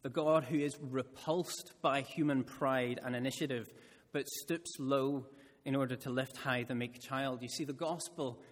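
A male preacher with a mid-range voice delivers his sermon with storyteller's expression. He leans into important phrases by drawing them out slowly. His voice rings out with a long reverb tail through a church hall. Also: mid-range voice, steady tone.

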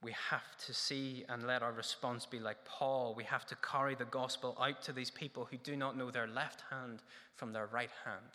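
A man's voice: mid-range voice, sharp tone. A man preaching a sermon, earnest and full of rhetorical questions. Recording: echoey hall reverb.

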